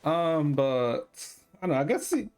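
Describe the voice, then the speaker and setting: A man's voice: a little high, lively intonation, measured pace, a little mellow, faint music behind. A man streaming a game, chatting casually with his chat while he plays.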